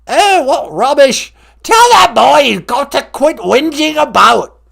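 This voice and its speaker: Man doing a shrill, bossy old English royal granny, loud falsetto, all over the place. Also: very animated, takes it slowly, vocal fry, full character voice. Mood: scolding. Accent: put-on English. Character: shrill scolding elderly royal grandmother.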